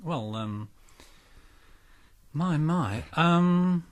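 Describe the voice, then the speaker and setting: Hosting a mock-serious spoof interview on a radio arts show, a man sounds pompous and stiff yet hesitant, stumbling constantly over ums and restarts. His voice is a little high and animated, and he draws out his words.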